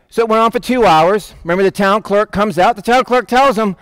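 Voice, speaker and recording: A man preaching a sermon, telling a Bible story and acting out the quoted voices in a lively, casual way. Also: high voice, a little fast, clean tone, no room sound. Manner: animated, acts out quoted voices. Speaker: pastor.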